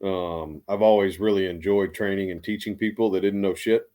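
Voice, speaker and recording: Deep-voiced man telling army stories. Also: steady tone, normal speed, dark tone. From United States. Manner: rambling, lots of restarts and fillers. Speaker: guest, Army veteran. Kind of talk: casual storytelling.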